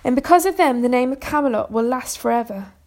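A woman voicing a tired old wizard who speaks slowly and gravely, as if foretelling the future. The voice has a gravelly fry, and the wizard sounds weary. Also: a little high, animated, darkish tone. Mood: solemn. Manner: slow, grave pronouncements.

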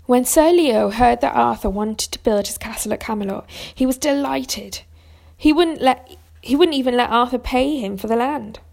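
Gravelly-voiced woman reading a storybook. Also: on the high side, moderate pace. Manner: steady reading with small restarts. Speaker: narrator.

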